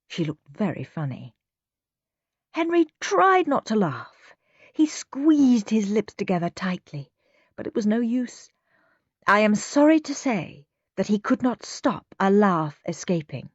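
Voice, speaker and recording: Woman storyteller, slow and animated, dry close sound. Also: mid-range voice, slightly rough, no room sound. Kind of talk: children's storybook reading. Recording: muffled lo-fi recording.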